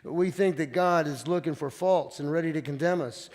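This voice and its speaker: A man's voice: a little high, moderate pace, a little mellow. A man preaching a sermon as pastor, telling stories in a conversational way with frequent restarts. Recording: long reverb of a church hall.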